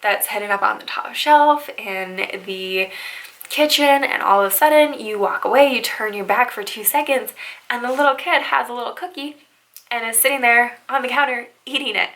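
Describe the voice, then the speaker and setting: A woman's voice: fairly high pitch, normal speed, fairly bright tone, poor audio. A young woman who works as a bridal stylist, giving upbeat, chatty motivational advice and often checking in with "right?". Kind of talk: motivational vlog talk.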